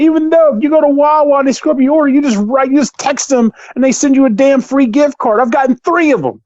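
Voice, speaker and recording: A man hosting a podcast in casual chat, ranting with animated delivery and acting out quoted exchanges. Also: very high voice, fast, few pauses, no echo. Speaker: podcast host. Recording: dull lo-fi sound, dry.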